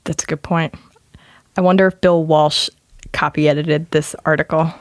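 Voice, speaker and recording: A woman's voice: deep voice, flat delivery, moderate pace. A woman with a Philadelphia accent co-hosting a podcast, chatting casually with lots of fillers and laughs. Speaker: podcast co-host. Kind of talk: casual chat.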